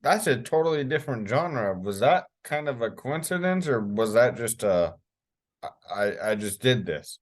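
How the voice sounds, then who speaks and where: A man's voice: medium pitch, very animated, normal speed. A man hosting a casual interview, asking loose, chatty questions full of fillers. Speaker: podcast host.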